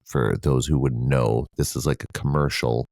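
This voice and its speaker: A man's voice: extremely low pitch, steady tone, moderate pace, darkish tone, a little hiss or hum. A man co-hosting a podcast, talking casually in a rambling way with frequent swearing and fillers. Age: adult with children. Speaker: podcast co-host. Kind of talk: casual conversation.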